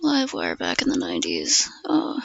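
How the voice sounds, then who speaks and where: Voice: deep voice, huge pitch swings, normal speed, creaky, fairly bright tone, slightly rough, no echo, highs cut off. A streamer chatting casually with viewers while crafting, swearing freely and often dropping into murmurs and whispers.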